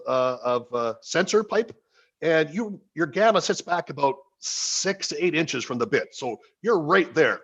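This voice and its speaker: A man explains a drilling product on a webinar, plain and a little hesitant. His voice is husky and on the high side. The call audio is dull and lo-fi. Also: a bit bright. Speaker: sponsor presenter. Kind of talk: product presentation. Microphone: video call.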